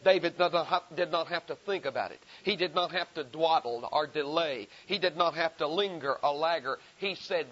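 A male preacher delivering a sermon in a somewhat high voice. He stacks repeated phrases for emphasis and slows down to read scripture with weight. The recording sounds dull and lo-fi. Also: fairly bright tone. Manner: rhetorical repetition, emphatic rising delivery; slow deliberate reading of scripture.

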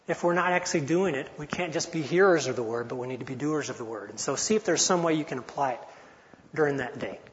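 A man's voice: on the high side, fairly bright tone, dull audio. Earnest man in his forties teaching in a hall. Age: 40s. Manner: earnest, conversational, often restarts phrases. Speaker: Bible study teacher. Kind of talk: informal teaching talk.

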